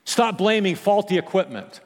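A high-voiced male pastor preaching with wide swings in pitch and volume, pushing hard on key phrases and then dropping almost to a hush. His voice rings out through a big hall with a long reverb trailing behind it. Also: animated, moderate pace. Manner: impassioned preaching, rising and dropping to near-whispers. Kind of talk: sermon.

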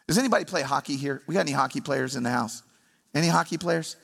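A man's voice: on the high side, fast talker, creaky, slightly rough. A man from St. Louis preaching a sermon to a congregation, telling stories emphatically and asking the room questions. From St. Louis, Missouri. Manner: animated, emphatic storytelling with congregation asides. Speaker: pastor. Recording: long hall reverb.

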